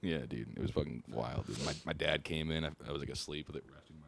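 Deep-voiced laid-back young comedian. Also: male voice, fast, gravelly, slight background noise. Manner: laid-back, says dude and bro a lot. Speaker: podcast guest, comedian. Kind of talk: casual podcast chat. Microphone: studio mic.

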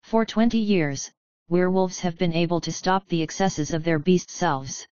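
A woman narrating a chapter of a story in a steady, measured reading style. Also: lowish voice, smooth, no echo, dull audio. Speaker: audiobook narrator. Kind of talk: scripted narration of a fan fiction chapter.

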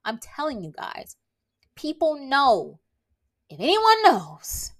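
A young woman in her twenties talks through a casual solo podcast episode. Her pitch rises and falls a great deal, and she stresses her words and laughs often as she goes. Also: takes it slowly, pauses often. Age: 20s. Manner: animated, emphatic, laughs often. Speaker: podcast host and beauty tattoo artist.

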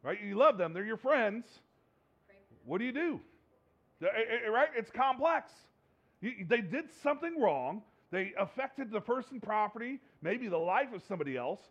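Animated high-voiced male pastor preaching. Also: moderate pace, lo-fi sound. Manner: animated, rhetorical questions, acts out quoted voices. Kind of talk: sermon.

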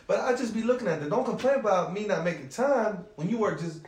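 A man's voice: sits high, fast. A man on a podcast telling stories about his relationship in casual, profane chat, quoting his partner along the way. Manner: animated, profane storytelling that quotes his partner. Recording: roomy echo with faint noise.

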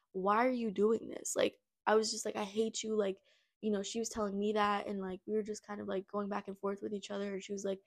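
A woman's voice: mid-range voice, vocal fry, darkish tone. Young woman rambling through a personal story. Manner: rambling, heavy use of "like" and restarts; candid and blunt, swears freely. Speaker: podcast host. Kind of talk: casual personal storytelling monologue.

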